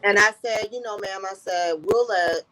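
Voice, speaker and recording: A woman's voice: mid-range voice, normal speed, a crowd in the background, low-quality recording. A woman guest in an interview, earnestly telling a personal story and often repeating "I said" as she recounts conversations.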